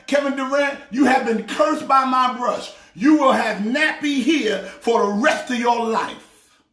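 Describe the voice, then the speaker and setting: A man playing a loud, excitable pastor ranting about sports teams. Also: very high-pitched, echoey room. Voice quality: preachy, shouting rant. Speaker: comedic sports pastor character. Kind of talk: comedic sports rant.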